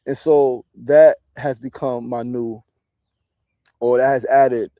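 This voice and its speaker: A man's voice: mid-range voice, steady tone, takes it slowly, mellow, no echo. A man in his forties from New City, talking candidly in a reflective casual monologue, often swearing and tagging his points with "right?". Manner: candid, profane, often tags lines with "right?". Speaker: podcast host and meditation teacher.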